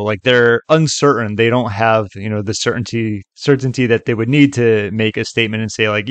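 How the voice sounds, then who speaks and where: A man at a middling pitch, talking casually through a tutorial and filling his sentences with "like" and "okay". His voice sits close and dry on a desk mic, with no room sound. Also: fairly quick, hardly any pauses, dry recording. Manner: loose and chatty, many fillers like "like" and "okay". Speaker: tutorial host. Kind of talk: casual screen-recorded tutorial.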